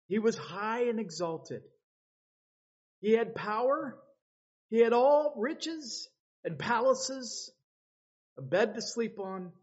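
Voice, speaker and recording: A man preaches slowly and deliberately, his voice somewhat husky and pitched a little high. He acts out the words of biblical figures with dramatic swings. The recording sounds dull and lo-fi. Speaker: pastor. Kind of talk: sermon.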